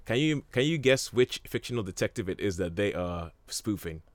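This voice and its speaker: A man's voice: fairly low pitch, animated, moderate pace, dry recording. A man leading a casual chat about old films, rambling with many fillers and restarts and chuckling often. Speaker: film discussion host.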